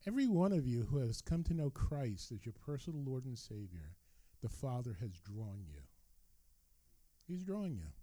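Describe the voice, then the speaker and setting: Guy preaching a sermon, reads verses then comments, voice jumps around a lot, warm tone. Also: normal speed, no room sound. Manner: expressive Bible reading with asides, animated rises and drops in pitch.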